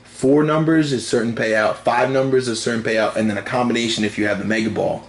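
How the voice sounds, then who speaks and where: A young man co-hosts a casual sports podcast, rambling through stories and laughing frequently. His mid-range voice keeps a steady tone and moves fairly quickly.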